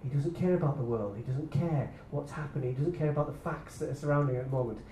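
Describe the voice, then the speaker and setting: A man preaching a sermon, swinging between loud excited bursts and quiet hushed lines. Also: mid-range voice, fast talker, far from the mic, a little hiss or hum. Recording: echoey room, speaker away from the mic.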